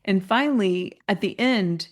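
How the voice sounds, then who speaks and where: A woman guest, a mentor and coach, telling a personal story in an interview, animated and laughing, her pitch jumping up when she gets excited. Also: unhurried.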